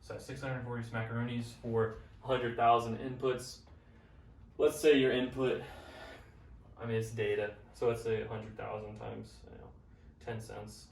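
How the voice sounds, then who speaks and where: A man's voice: medium pitch, level tone, normal speed, gravelly. A young man casually explaining a business funnel at a whiteboard, upbeat and slangy. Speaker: business coach. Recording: roomy, from a distance, faint noise.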